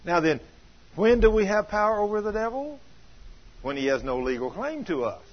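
A preacher with a high, husky voice delivers an animated sermon in church. He fires questions at the congregation and swings from low asides to loud bursts. The recording is dull and lo-fi. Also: normal speed.

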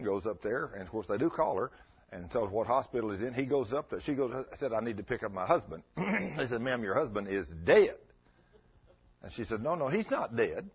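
Preacher, middle-aged man, husky, folksy storyteller with loud emphatic peaks, muffled radio sound. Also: medium pitch. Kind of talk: sermon. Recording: dull lo-fi radio recording.

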